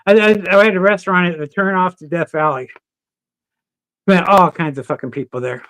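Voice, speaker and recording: The recording is dry, and the man's voice sits high as he talks fairly quickly. Guesting on a podcast, he chats casually and tells animated stories, cursing freely and laughing along the way.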